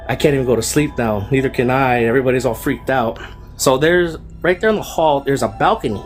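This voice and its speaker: A man telling a true ghost story in a casual, rambling way, full of fillers and slang. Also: mid-range voice. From Fresno, California. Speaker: storyteller guest.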